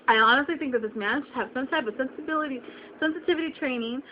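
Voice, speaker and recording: A woman's voice: high voice, fast, a little hiss or hum. A young woman venting to her viewers, upset and close to tears, repeating herself and firing off rhetorical questions. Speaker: vlogger. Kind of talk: emotional venting to camera. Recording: dull lo-fi webcam audio.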